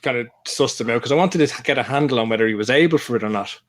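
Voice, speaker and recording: A man's voice: medium pitch, rapid-fire. Candid man telling rambling stories. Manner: rambling, candid storytelling with laughs and fillers. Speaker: podcast co-host. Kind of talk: casual chat.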